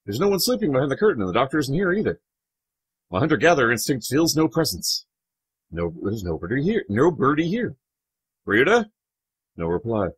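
A man's voice: medium pitch, sing-song, fairly quick, long pauses, husky. A young man narrating a visual novel let's-play, reading the story aloud in a joking way and swearing casually.

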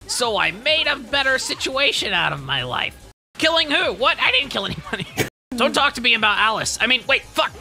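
A woman's voice: fairly high pitch, very animated, fairly quick, pushed and bright, heavily acted. Woman doing a cocky, touchy hawk racer. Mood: smug. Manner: defensive, rambling, profane banter. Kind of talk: comedic let's play voice.

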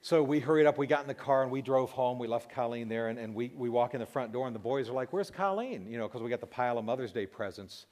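A middle-aged man giving an emotional personal testimony, his voice breaking as he pauses and restarts. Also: mid-range voice, steady tone, a little mellow. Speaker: Christian radio host telling a personal story.

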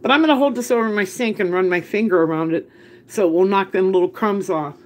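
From her home kitchen, a woman hosts a casual live cooking stream, chatting, laughing often and greeting viewers by name. She speaks at medium pitch and a quick pace, recorded on a phone camera.

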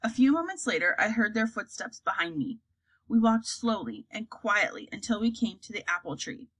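A woman reading a children's fantasy story aloud, acting out the characters in a lively way. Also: mid-range voice, moderate pace, rough recording. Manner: acts out characters, lively delivery. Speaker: audiobook reader.

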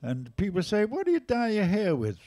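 A man in his eighties with an English accent, casually telling jazz stories at a live museum event, lively and animated in his retelling. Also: high voice, normal speed. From England. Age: 80s. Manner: lively, animated retelling with raised voices for quotes. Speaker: jazz drummer and storyteller guest. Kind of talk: casual anecdotal storytelling.

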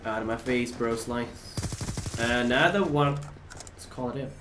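This Dutch game streamer, a native speaker from the Netherlands, talks slowly in a medium-pitched voice. He gives relaxed commentary on his gameplay, banters with viewers and lets the odd swear word slip. Expect roomy echo and a little background noise.

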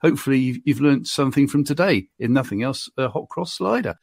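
A man's voice: medium pitch, animated, brisk, creaky, husky, no echo. A man hosting a podcast, telling self-deprecating anecdotes in a casual, chatty way. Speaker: podcast host. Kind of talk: casual storytelling chat.

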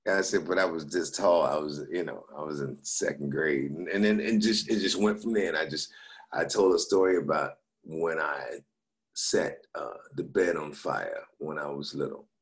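A man's voice: rumbling low, moderate pace. A middle-aged comedian telling stories casually, laughing as he acts out the people he quotes. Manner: laughing anecdotal storytelling with quoted voices. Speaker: comedian guest. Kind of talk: casual storytelling.

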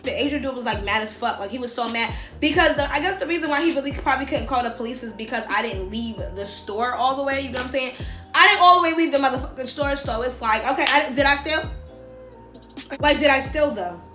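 A young woman, telling a story on her vlog in a slangy, profane, animated way. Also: high-pitched, fast talker. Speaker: vlogger. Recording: echoey room with faint music.

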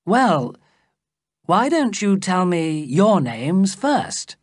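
A polite young traveller answers courteously and steadily, as a woman reading the story puts him on. The voice stays close to the narrator's: husky and dry, with a lively lilt. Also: on the low side, no room sound, pitched above the performer's own voice, heavily acted. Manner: courteous, measured replies. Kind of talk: storybook character voice.

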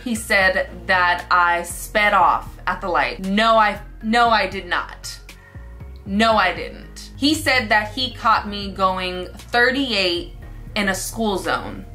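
A young woman telling a storytime vlog, animated and acting out what people said. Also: medium pitch. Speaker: vlogger.

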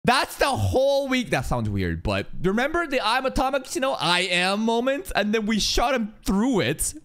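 A man reacting live to an anime episode, excitable and profane, jumping between loud outbursts and low mutters. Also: normal speed.

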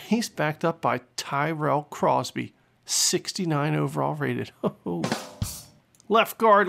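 A man giving excitable, jokey play-by-play commentary over a football video game. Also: on the high side, creaky. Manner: excitable and jokey, mock-announcer delivery. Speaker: gaming commentator.

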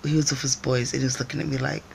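Low, gravelly-voiced woman vlogger. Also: flat delivery, rapid-fire, a little hiss or hum. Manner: chatty storyteller, acts out voices, laughs often. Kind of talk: casual live-stream chat.

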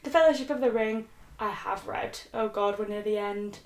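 A woman's voice: mid-range voice, moderate pace. Chatty young British woman in an echoey room. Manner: chatty, self-mocking, reading a list aloud. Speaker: book vlogger. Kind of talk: casual chat.

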